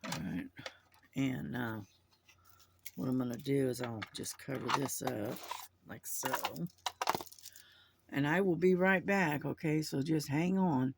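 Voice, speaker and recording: A man's voice: mid-range voice, slow pace, gravelly, pauses often, a little hiss or hum. A man chatting casually to his camera at home, rambling with lots of fillers and restarts. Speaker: vlogger. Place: at home indoors. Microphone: camera mic.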